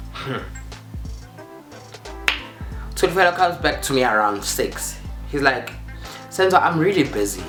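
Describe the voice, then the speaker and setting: A man's voice: medium pitch, expressive, fairly quick. A young South African man vlogging a storytime, acting out quotes and repeating phrases for drama. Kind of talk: storytime vlog. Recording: roomy echo with faint music.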